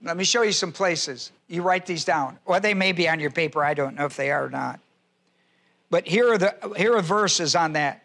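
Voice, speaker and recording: A man preaching a sermon, citing scripture references and slowly repeating key phrases for emphasis. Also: a little high, vocal fry, bright, forceful tone. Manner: spells out words and cites scripture references in a teaching tone. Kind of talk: sermon teaching.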